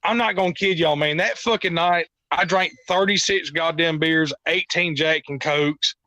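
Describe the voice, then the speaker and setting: A man's voice: on the high side, normal speed, bright, forceful tone, no echo. A man guesting on a podcast, telling rambling stories with a lot of profanity in casual chat.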